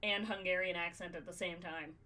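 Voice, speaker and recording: A woman's voice: fairly low pitch, fairly even intonation, fairly quick, bright, forceful tone. A woman hosting a podcast, brainstorming in casual chat, swearing freely and thinking aloud with lots of fillers. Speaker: podcast host.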